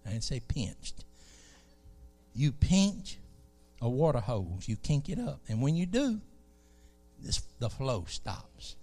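A man from South Alabama with a Southern accent, preaching a sermon in a folksy, animated way. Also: mid-range voice, a little slow.

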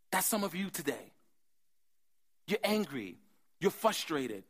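Lively preacher guy, bright voice, goes hushed then loud. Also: a little high, takes it slowly, long pauses. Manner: animated, swings from hushed to shouting. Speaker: pastor. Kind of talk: sermon.

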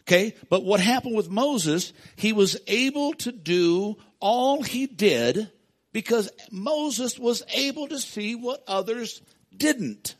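A male pastor with a notably high voice delivers a sermon. He preaches with emphasis, repeats his key lines and calls out to the congregation for a response.

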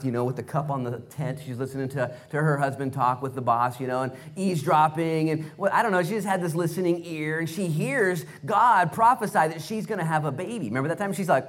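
A male pastor preaching a sermon in a casual, conversational way, full of rhetorical questions. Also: on the high side.

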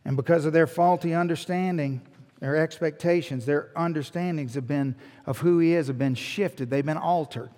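In a church sanctuary, a pastor delivers his sermon like a conversational lesson, posing rhetorical questions and starting phrases over. He speaks at a normal pace in a slightly high, somewhat mellow voice with a long reverb tail.

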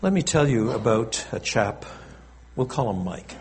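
A male pastor preaching a sermon in an animated, conversational way, with frequent asides to the congregation. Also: medium pitch, measured pace, slight background noise.

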